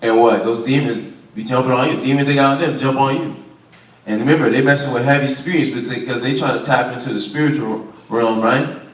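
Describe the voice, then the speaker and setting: Relaxed male study leader, questions the class, roomy and off mic. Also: mid-range voice, fairly quick. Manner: casual, questioning the group, informal speech. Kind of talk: Sabbath Bible study teaching. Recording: echoey room, far from mic.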